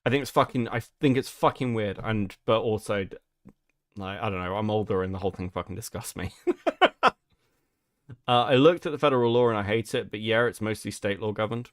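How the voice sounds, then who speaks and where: A man with a British accent hosting a live-stream commentary, swearing and mocking with loud outbursts. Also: lowish voice, brisk, no echo, clean studio sound. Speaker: streamer host.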